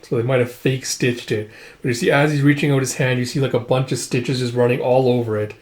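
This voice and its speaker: A man's voice: mid-range voice, fairly even intonation, fairly quick, darkish tone. A man giving casual, blunt commentary while he reads through a comic and swears freely. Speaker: comic reviewer.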